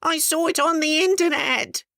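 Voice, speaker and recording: A woman voicing a panicky little chick who yells in alarm. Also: moderate pace, gravelly, no room sound, studio quality, exaggerated voice. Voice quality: shrill, yelling.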